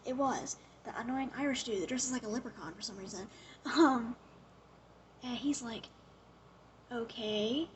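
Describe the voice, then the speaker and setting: A young woman in casual chat, recapping a TV show in an animated way, with lots of "like" and acted-out quotes. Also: on the high side, moderate pace, a little hiss or hum. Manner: chatty, animated retelling full of "like" and acted-out quotes.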